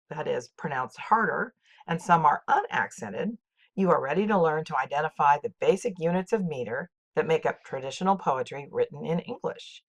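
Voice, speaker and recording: A woman teaching, reading a scripted poetry lesson in a clear, measured way and reciting poems with marked rhythm. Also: low-pitched. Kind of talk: scripted educational narration.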